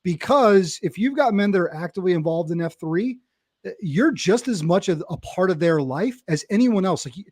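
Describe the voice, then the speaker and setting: A male podcast host with a notably high voice, talking in an energetic, rallying way to his guests. The sound is dry and close, with no room in it. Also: normal speed, no echo. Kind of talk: podcast conversation.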